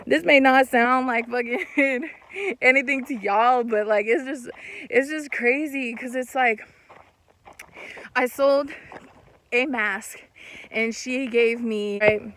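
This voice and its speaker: A young woman in casual storytime talk, animated and swearing, acting out what people said. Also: on the high side, slow, pauses often. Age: young adult. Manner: animated, swearing, laughs mid-story, acts out quotes. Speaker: vlogger.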